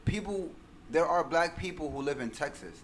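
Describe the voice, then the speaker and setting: A man's voice: fairly high pitch, lively intonation, normal speed, a loud crowd. Joking young man with a New York accent. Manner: laughing, joking, stammering restarts. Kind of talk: casual chat. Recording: background noise.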